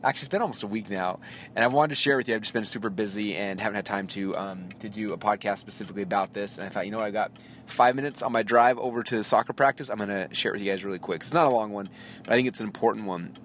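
A man in his thirties, a podcast host, telling a story in a chatty, lively way with quick asides and small laughs, recorded in a car while driving. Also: on the low side. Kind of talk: casual storytelling monologue. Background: faint vehicle noise.

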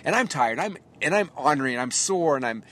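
A man in his thirties, a podcast host, telling a story in a chatty, lively way with quick asides and small laughs, recorded in a car while driving. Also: fairly high pitch. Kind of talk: casual storytelling monologue. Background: faint vehicle noise.

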